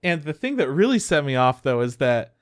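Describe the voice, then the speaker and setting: A man's voice: on the high side, fairly quick, clean tone. A young adult man co-hosting a podcast, chatting casually and acting out quotes as he tells stories. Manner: animated storyteller, acts out quotes, swears freely. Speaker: podcast co-host. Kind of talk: casual chat.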